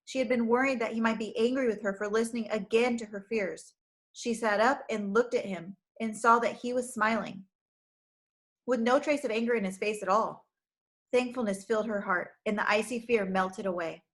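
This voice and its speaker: Higher-voiced woman reading a storybook aloud. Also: moderate pace. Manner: expressive, clear storytelling. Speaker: reader for young children.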